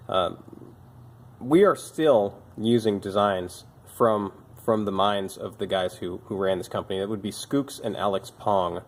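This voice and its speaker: A man's voice: on the low side, darkish tone. A young man who works at a bike shop, talking casually and with dry, self-mocking humor about old bike parts while sounding tired. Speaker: bike shop mechanic and video host. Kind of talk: casual show-and-tell talk.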